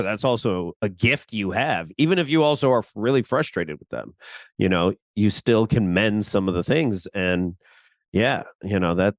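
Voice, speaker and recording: A man co-hosting a podcast, discussing a TV episode in a lively way and acting out the characters' lines. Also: fairly low pitch, no room sound. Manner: animated, acts out quotes, laughs easily. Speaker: podcast co-host. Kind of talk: casual discussion of a TV show.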